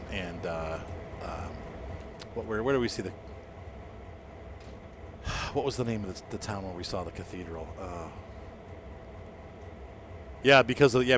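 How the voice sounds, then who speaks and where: A young American man with a fairly low voice talks loosely to his stream audience while he plays, wandering from one thought to the next with plenty of fillers and quick laughs. A faint hiss of noise runs under the recording. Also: expressive. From United States. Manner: rambling, chatty, frequent fillers and laughs. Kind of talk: casual gameplay chat with viewers.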